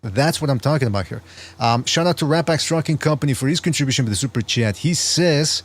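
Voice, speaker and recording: A male podcast host with a voice of ordinary, mid-range pitch, talking through his arguments in casual chat. He stammers and restarts often as he works out his points, with an earnest, explaining tone. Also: animated, fast.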